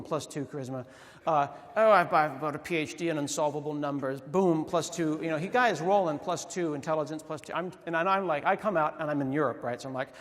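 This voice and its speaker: Animated man telling stories in a big hall. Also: fairly high pitch. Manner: animated storytelling with quoted voices. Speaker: conference speaker. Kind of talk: humorous conference talk. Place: large conference hall. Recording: reverberant hall.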